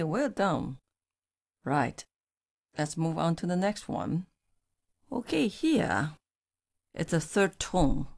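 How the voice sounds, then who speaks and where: Slow-spoken teacher woman, gravelly. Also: sits low, darkish tone. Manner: patient, repeats syllables slowly, laughs easily. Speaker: Chinese teacher. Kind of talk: slow pronunciation drill.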